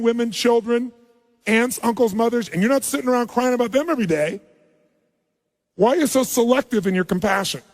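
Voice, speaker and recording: A man delivers a motivational seminar speech in a high voice, shifting from hushed storytelling to urging the audience. His voice rings with the long reverb of a big hall. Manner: storytelling, then urging the crowd. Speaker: motivational speaker.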